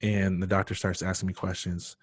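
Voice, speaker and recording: A man's voice: low voice, little pitch movement, brisk, slightly rough, no room sound. A man as a podcast guest, telling a personal story in an earnest, emotional way.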